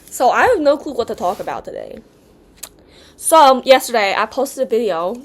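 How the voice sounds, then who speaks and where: A woman from the United States chatting casually at home in a rambling, distracted vlog, clearing her throat now and then and slipping into an odd put-on accent. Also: a little high, big pitch swings, moderate pace. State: occasional coughing and throat clearing. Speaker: vlogger.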